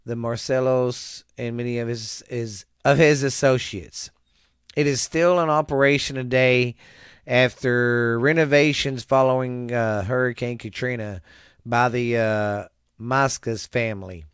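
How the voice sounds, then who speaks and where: A man's voice: medium pitch, steady tone, unhurried, smooth, no echo, studio quality. A male podcast host chatting casually and profanely, then reading history aloud with stumbles.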